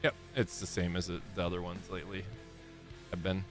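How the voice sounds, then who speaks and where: A man's voice: low voice, little pitch movement, fairly quick. Rambling male streamer, thirties, casual chat, faint music behind. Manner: rambling, self-correcting, laughs often. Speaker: game streamer.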